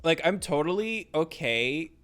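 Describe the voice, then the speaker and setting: A man streaming a video game, swearing, yelling at the game and laughing in bursts of frantic protest. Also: on the high side, animated, measured pace, soft background music. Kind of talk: live-streamed gameplay commentary.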